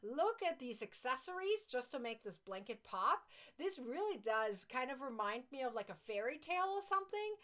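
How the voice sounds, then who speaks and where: Non-native English speaking woman, crochet livestream host. Gushy, excitable, giggly. High voice. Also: normal speed, few pauses. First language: not English. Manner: gushing, excitable, laughs often. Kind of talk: casual chat reading viewer comments.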